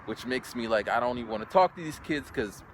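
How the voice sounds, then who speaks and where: A man in his forties telling a story in a casual vlog, animated, and acting out sounds and voices. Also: fast talker, slight background noise. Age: 40s. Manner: animated, acts out sounds and voices with big pitch jumps. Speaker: English teacher in Japan.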